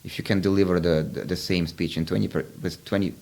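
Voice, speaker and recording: Very deep gravelly man, explaining. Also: little pitch movement, fast, darkish tone. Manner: reflective, explanatory, frequent restarts. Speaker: podcast host. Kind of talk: casual interview chat.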